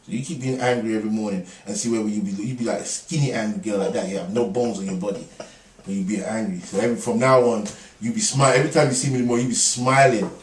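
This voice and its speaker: Fairly low-pitched and steady in tone, the middle-aged man talks fast as a casual interview guest, joking, laughing frequently, and rambling through stories. The mic is far away in an echoey room with faint ambience.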